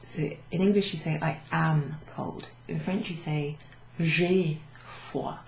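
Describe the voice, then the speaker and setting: Woman language teacher, low and unhurried, echoey room with faint hiss. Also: steady tone, creaky, a little mellow. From Wales. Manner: slow, patient explaining, switching between English and French. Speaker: French teacher. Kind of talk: relaxed classroom recap lesson.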